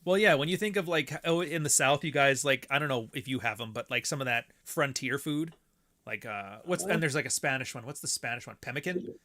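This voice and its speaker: Forceful, rambling streamer man. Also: medium pitch, a little fast. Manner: rambling, profane, laughs often. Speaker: streamer hosting a game stream. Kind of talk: casual chat while playing a game.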